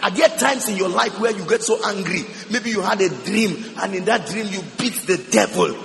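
A man pastor preaching an emphatic sermon, breaking into shouts and tongues, recorded in a church. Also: sits high, moderate pace, vocal fry. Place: church hall. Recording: reverberant church hall.

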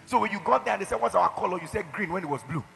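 A man delivers a sermon with forceful emphasis, his high voice gravelly and rough. His speech has a bright, cutting edge. The sound carries a long hall reverb. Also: expressive, racing, faint music behind. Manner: emphatic preaching, shouted declarations and acted-out quotes. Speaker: pastor.

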